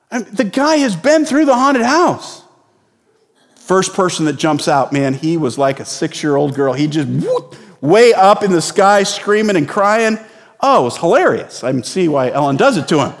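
A male pastor preaches a sermon in a conversational, storytelling style, breaking into sudden bursts of emphasis. His voice is high-pitched, and the audio has a big-room sound.

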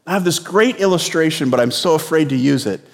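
A man's voice: a little high, animated, a little fast, big-room sound. A male pastor preaching a sermon in a conversational, storytelling way with sudden bursts of emphasis.

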